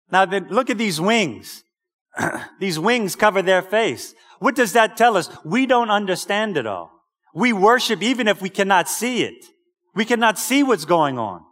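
A man with a high, light voice preaches a sermon and calls out for his congregation's amens. His words ring with a long reverb in a church sanctuary. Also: a bit bright. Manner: exhorting, calls out "Amen?" to the congregation.

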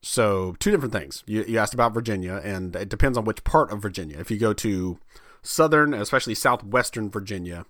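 A man co-hosting a podcast, talking in a wry, explanatory way. His voice is on the low side but moves animatedly through its range. The recording is dry and close, with no room sound. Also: animated, fairly quick, fairly bright tone, dry recording. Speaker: podcast co-host. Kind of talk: casual conversation.

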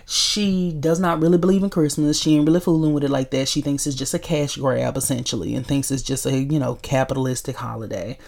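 A woman vlogging a casual movie review, chatty and animated, talking straight to her viewers. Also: rumbling low, brisk, vocal fry, few pauses. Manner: chatty, animated, addresses viewers as y'all, laughs often. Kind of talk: casual chat.

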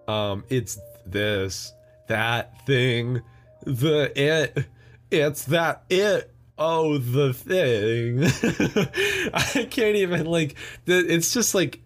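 A young American man hosting a solo podcast, rambling and joking with many fillers and laughs. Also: mid-range voice. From United States. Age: young adult. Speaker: podcast host. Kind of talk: solo casual chat.

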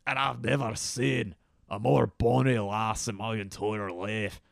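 A man voicing a gruff, protective Scottish father in a mock Scottish accent. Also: fairly low pitch, level tone, a little slow, no echo, clean studio sound.

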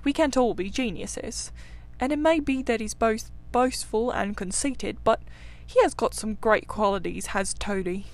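A woman voicing a good-natured, cheerful male water rat in a storybook reading, talking briskly and warmly. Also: a little high. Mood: fond.

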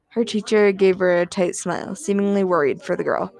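A woman reading a short story aloud in a soft, even voice, dropping into breathy whispers on some phrases and adding the odd filler. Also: medium pitch, brisk. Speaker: narrator.

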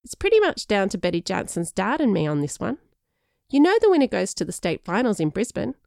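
A woman's voice: mid-range voice, big pitch swings, brisk, gravelly, a little mellow, no echo, voice pushed up. A woman voicing an earnest, science-keen teenage boy with dry humour.

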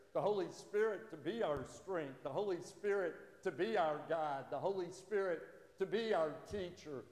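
A man's voice: high voice, a little mellow. Man preaching in an echoey church hall. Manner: conversational, halting restarts, acts out quoted voices. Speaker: pastor. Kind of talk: sermon with jokes and stories. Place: church sanctuary.

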